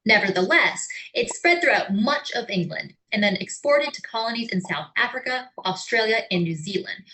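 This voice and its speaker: A woman with an American accent giving clear, scripted educational narration. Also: mid-range voice, bright, forceful tone, rough recording. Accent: General American. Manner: clear, explanatory, with sung or acted example words.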